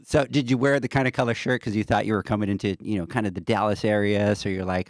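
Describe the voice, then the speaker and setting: A man's voice: fairly low pitch, steady tone, fast, dry recording. A man hosting a podcast in a studio, teasing his guests and laughing often. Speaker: podcast host. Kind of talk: casual chat.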